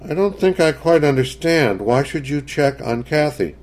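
Guy doing an uptight worried mom, clipped and tense, bouncy pitch. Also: animated, moderate pace, a little mellow, lightly acted. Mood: anxious. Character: worried, sharp-tongued suburban mother.

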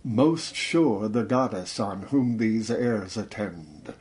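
A man reading a novel aloud, voicing a suave middle-aged man with a rich, deep voice who quotes verse. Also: animated, slow, darkish tone. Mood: grand.

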